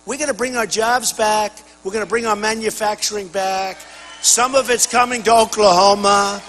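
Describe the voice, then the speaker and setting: An older man giving a campaign rally speech at a podium microphone, boastful and repetitive, often shouting to the crowd. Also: high-pitched, big-room sound, rough recording. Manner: boastful, repetitive, punchy phrases. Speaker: political candidate at a rally. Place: large rally venue.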